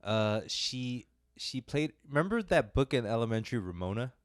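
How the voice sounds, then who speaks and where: A man's voice: mid-range voice, animated, normal speed, dry recording, studio quality. A young man co-hosting a film podcast, talking in a loose, rambling way with lots of fillers and self-deprecating asides. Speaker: podcast co-host reviewing films. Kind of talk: casual podcast chat.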